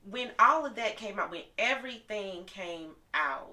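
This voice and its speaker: A woman hosting an interview, gently affirming her guest and asking careful questions. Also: mid-range voice, lively intonation, measured pace. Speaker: host. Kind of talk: supportive interview. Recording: distant mic.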